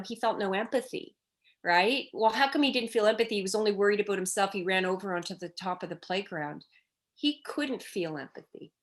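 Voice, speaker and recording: Middle-aged woman, expert guest, lively anecdotal storytelling, voices the kids in her stories. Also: mid-range voice. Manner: animated storytelling, acting out children's cries in quotes. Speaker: child development expert guest. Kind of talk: storytelling in a conversational interview.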